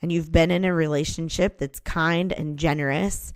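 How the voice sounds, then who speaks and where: A woman's voice: low voice, fairly even intonation, moderate pace, no room sound, clean studio sound. A woman, a podcast host candidly telling her own story, with a few restarts. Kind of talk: personal storytelling.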